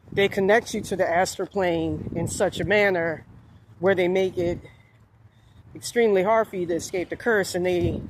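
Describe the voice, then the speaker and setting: Heard over slight background noise, a New Orleans woman with a lowish voice rambles through a casual vlog monologue. As a spiritual vlogger, she meanders a lot and uses fillers often.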